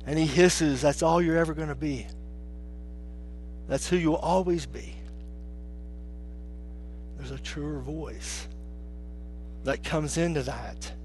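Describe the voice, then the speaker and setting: A man preaching a sermon as pastor, swinging between hushed, low lines and raised, emphatic ones. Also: slight background noise.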